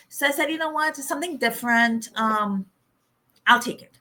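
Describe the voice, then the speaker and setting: Bright-voiced woman telling her story. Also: a little high, normal speed. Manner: animated, laughs often, acts out quoted voices. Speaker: guest. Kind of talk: personal storytelling in an interview.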